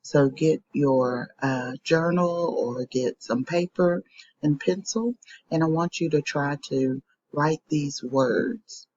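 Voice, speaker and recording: A woman teacher giving a slow, patient phonics lesson to young children, saying each word twice. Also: low-pitched, darkish tone, no room sound, dull audio.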